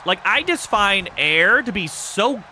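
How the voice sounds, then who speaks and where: A man commentating a game on a livestream, excitable and quick to laugh, swearing freely and shouting when things happen. His voice is very bright and a little high, with a lively, jumpy pitch. His nose sounds stuffy, and there is a faint hiss behind him. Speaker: streamer commentating a wrestling game.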